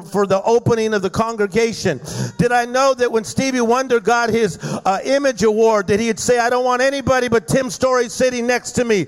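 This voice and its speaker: A man's voice: very high-pitched, clean tone. A middle-aged man preaching a fervent sermon at a church service, rousing the congregation with call-and-response. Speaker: guest preacher. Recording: echoey hall reverb.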